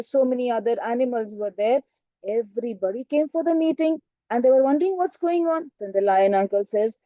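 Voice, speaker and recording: A high-voiced woman teacher tells a children's story and keeps quizzing her listeners. Her tone is mellow, and the online call audio is dull and dry. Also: no room sound. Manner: asks the class questions, frequent "right?" and "okay".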